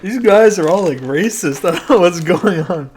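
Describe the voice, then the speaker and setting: A man's voice: sits high, expressive, moderate pace, a little mellow, husky. A man co-hosting a live stream, reacting to a TV show with jokes and laughter. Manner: jokey, laughs often, riffs on what he sees. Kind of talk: casual live-stream chat.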